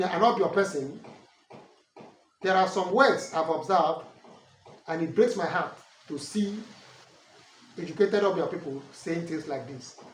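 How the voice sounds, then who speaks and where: A Nigerian man with a fairly high voice and an Ikwerre mother tongue explains dialect words in an earnest, emphatic, correcting way. He stands back from the microphone in a roomy, echoing space, with a faint hiss underneath. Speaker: language and culture teacher. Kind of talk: explanatory talk on names and dialect. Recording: roomy echo from a distant mic, faint noise.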